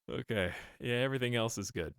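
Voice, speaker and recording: Streaming a video game, a man with a fairly bright mid-range voice chats casually and thinks aloud as he plays, often laughing at his own jokes. There's no echo in the audio.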